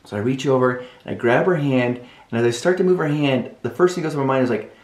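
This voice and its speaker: A man telling a personal story in a vlog, animated and dramatic, acting out his own thoughts. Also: medium pitch, fast talker, hardly any pauses, reverberant. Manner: animated, dramatic inner-voice retelling.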